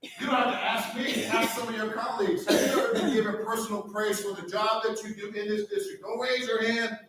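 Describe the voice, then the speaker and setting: A man's voice: high-pitched, fairly even intonation, fairly quick. A man giving a motivational speech to school staff, firing rhetorical questions at the crowd. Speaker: school district leader addressing staff. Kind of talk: motivational speech to a live audience. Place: large echoey hall. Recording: echoey hall from far off with faint noise.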